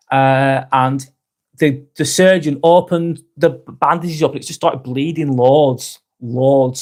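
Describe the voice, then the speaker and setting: A man's voice: on the high side, darkish tone. A man hosting a live vlog, talking frankly and earnestly, swearing often and restarting his sentences. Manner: earnest and sympathetic. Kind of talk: casual live-stream chat.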